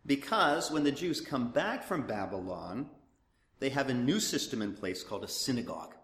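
A man's voice: mid-range voice, moderate pace. A man giving conversational Bible teaching in sermon style, often restarting his sentences. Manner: animated, conversational, with frequent restarts. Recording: echoey hall.

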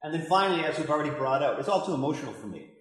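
A man's voice: fairly high pitch, expressive, very fast. An older man, a pastor, giving a passionate, conversational Bible teaching with asides to his listeners. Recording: very echoey hall reverb.

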